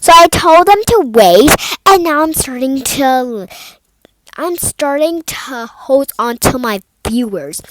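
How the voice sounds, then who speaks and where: A young woman voicing a bossy teenage sister who runs a makeup vlog, speaking loud and high. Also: lively intonation, slow pace, no echo, poor audio. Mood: annoyed.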